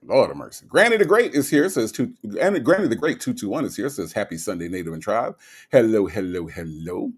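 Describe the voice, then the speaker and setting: A man's voice: on the low side, sing-song, a little fast, breathy edge. A man hosting a casual livestream, reading chat comments aloud in a playful, sassy, teasing way.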